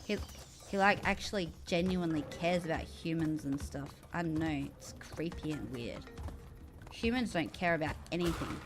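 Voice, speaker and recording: A woman, chatting casually and swearing as she streams a game, with sudden loud outbursts at the game. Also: low-pitched, normal speed, soft background music. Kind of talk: casual chat while gaming.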